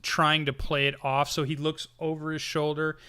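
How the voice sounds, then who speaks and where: Bright-voiced man narrating a tabletop game. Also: on the high side, moderate pace, smooth. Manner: rambling, animated, many restarts. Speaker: game master.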